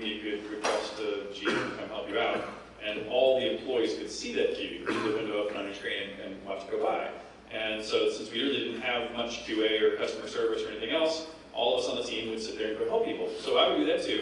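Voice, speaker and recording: A man, a game developer on a panel, telling an animated anecdote and laughing often. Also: on the low side, slight background noise. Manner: lively storyteller, laughs often, acts out the quoted voices. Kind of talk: animated anecdote at a live event. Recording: echoey hall, voice from far off, background ambience.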